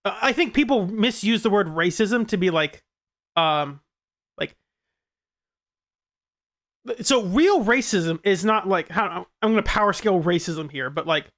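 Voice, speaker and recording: A woman's voice: medium pitch, lively intonation. Giggly woman reacting to a game trailer. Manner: rambling, giggly, quick to laugh. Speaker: gaming streamer. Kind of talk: casual reaction commentary.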